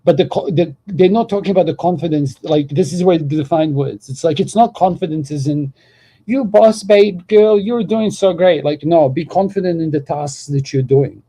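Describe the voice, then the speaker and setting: A man host rambles casually, heavy on fillers and swearing. His voice is dark and mellow, with a husky edge. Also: on the high side, a little fast, few pauses. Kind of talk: casual group chat.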